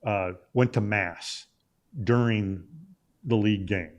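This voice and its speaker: A middle-aged man from Illinois, a sports journalist appearing as a guest, tells a long anecdote in a relaxed, casual way. His voice sits on the low side, and he fills his pauses with "uh" and stumbles into restarts as he goes. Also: lo-fi sound. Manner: rambling anecdote with many "uh" fillers and restarts. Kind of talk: casual storytelling in a talk interview.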